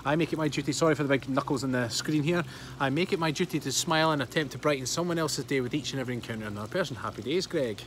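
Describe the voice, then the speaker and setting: A man's voice: medium pitch, rapid-fire, a little hiss or hum. A man in his thirties with a Scottish accent, chatting casually on a livestream, laughing often and reading out viewer comments. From Scotland. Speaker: livestream host. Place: outdoors by a pool.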